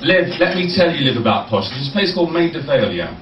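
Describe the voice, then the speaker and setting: A male stand-up comedian doing crowd work, teasing audience members with quick questions between jokes. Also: on the high side, very animated, muffled recording, background noise. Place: comedy club stage. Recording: echoey distant live club recording.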